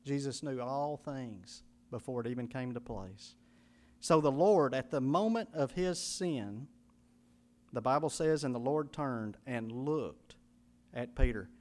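A man preaching a sermon, swinging from loud emphatic peaks to low hushed asides and acting out quoted speech. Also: unhurried. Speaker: pastor.

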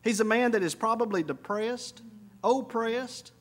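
A man preaching a sermon, swinging between quiet reflective stretches and loud, high emphatic bursts. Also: unhurried. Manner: preaching with sudden rises in pitch and volume. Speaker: pastor.

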